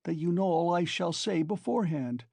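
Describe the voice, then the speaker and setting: A man's voice: on the high side, animated, moderate pace, gravelly, dark tone, dry recording, clean studio sound. A man doing a feverish, hunted young student. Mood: bitter. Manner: strained and defensive. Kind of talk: audiobook character reading.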